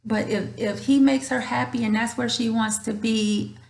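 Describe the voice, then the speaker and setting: Emotional woman vlogger, gravelly voice. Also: fairly high pitch, fairly even intonation, moderate pace, a little mellow. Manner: earnest, repeats herself, speaks straight to viewers. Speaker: channel host. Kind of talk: emotional talk to viewers. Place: home room with a dryer running. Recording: roomy echoey room.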